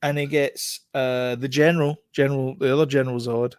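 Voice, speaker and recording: A man's voice: medium pitch, little pitch movement, fairly quick, clean tone, no room sound, studio quality. A man co-hosting a casual film review chat, rambling with many fillers and restarts.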